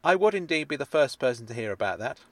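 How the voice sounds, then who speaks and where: A man voicing a courteous, measured man in a spoken-word story, a little formal. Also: mid-range voice, sing-song, no room sound, natural voice. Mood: earnest. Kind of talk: audiobook character dialogue.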